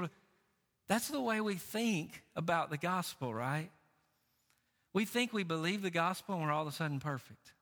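A middle-aged male pastor preaching a sermon, animated and shifting between raised emphatic lines and quieter, lower asides. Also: big-room sound.

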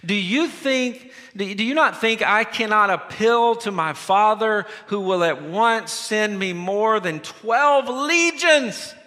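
A preacher putting on a stern, sarcastic teacher. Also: male voice, high voice, animated, takes it slowly, few pauses, pushed and bright, heavily acted. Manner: sarcastic, mocking taunts. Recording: long reverb of a large hall.

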